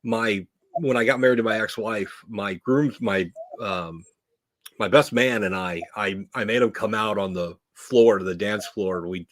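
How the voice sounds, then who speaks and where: A man co-hosting a podcast, telling wrestling stories in an animated way and laughing often. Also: lowish voice, unhurried, no room sound. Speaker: podcast co-host. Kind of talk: casual wrestling chat.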